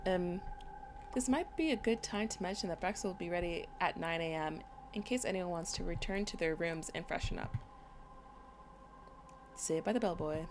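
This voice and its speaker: A woman playing a story game, reading its dialogue aloud and adding quick comments of her own. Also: fairly low pitch, background noise. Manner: reads dialogue aloud between quick asides. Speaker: game streamer.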